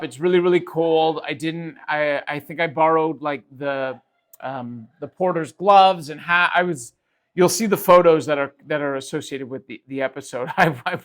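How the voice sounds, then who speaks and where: A male podcast host tells a story in a casual, rambling manner. He restarts his sentences and uses lots of fillers. His voice is a touch higher than most men's. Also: fairly bright tone.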